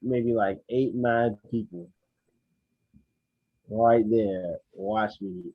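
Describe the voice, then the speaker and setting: A man co-hosting a podcast, telling an animated, profane story and acting out his own lines. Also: fairly low pitch, very slow, no room sound. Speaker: podcast co-host. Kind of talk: casual storytelling chat. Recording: dry, dull lo-fi sound.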